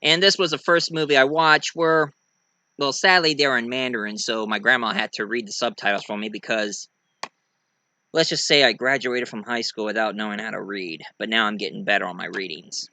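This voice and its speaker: A young man giving a rambling, excitable casual movie review. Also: on the low side, brisk, no echo.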